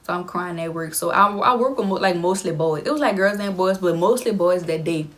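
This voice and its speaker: A young adult woman with a lowish voice briskly tells her viewers a personal story. She's chatty and emphatic, often repeating phrases for effect.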